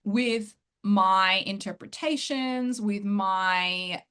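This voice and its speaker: A woman coach talking through her group program in a casual interview, excited and quick to laugh. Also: medium pitch, clear, resonant tone. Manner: excited, laughs often, fast bursts. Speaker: host and coach.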